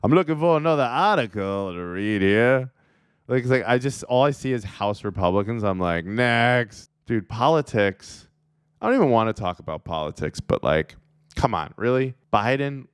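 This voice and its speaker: A man's voice: medium pitch, clean tone, dry recording, studio quality. A man hosting a comedy show, riffing sarcastically through a monologue and laughing at his own jokes. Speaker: comedian host.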